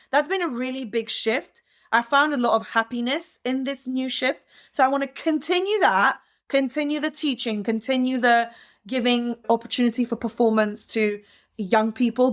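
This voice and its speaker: A woman in her thirties speaks as an interview guest, in a chatty and upbeat manner. Her voice sits a little high. She often falls back on "like" as she talks. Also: fairly bright tone. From France and the United States. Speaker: guest, dancer and teacher. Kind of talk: relaxed interview conversation.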